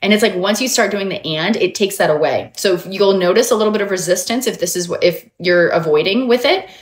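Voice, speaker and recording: A woman hosting a motivational livestream as a mindset coach, animated and emphatic, talking straight to her viewers. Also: mid-range voice, a little fast. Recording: roomy echo.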